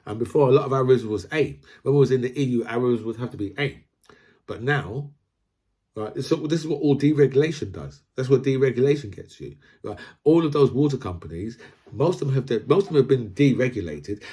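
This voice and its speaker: Guy ranting about politics, rambly, keeps saying right?, pretty average pitch. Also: expressive, a little fast, warm tone. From Britain. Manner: rambling, repeats himself, keeps asking "right?". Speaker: political commentator. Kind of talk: casual political rant.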